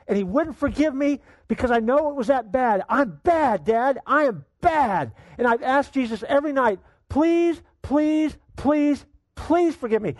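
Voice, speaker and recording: Man doing a scared young boy, high raised voice, tearful pleading, dry sound. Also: no room sound. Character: scared eight-year-old boy confessing.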